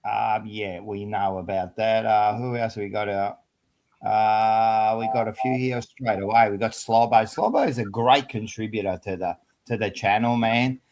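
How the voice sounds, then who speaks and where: A man's voice: lowish voice, fairly even intonation, moderate pace, a little mellow. Laid-back Australian man hosting a chat. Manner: laid-back, chatty, says mate and man a lot. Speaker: host. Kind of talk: casual live-stream chat.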